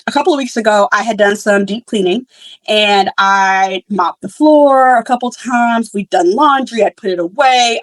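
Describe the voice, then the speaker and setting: A young woman in casual conversation, full of fillers and quick restarts as she reflects openly. Her voice sits in a middle register and comes across dry and close, with no room sound around it. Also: medium pitch, no echo, poor audio. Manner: chatty, many fillers and restarts; candid and reflective. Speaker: podcast host. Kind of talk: casual storytelling.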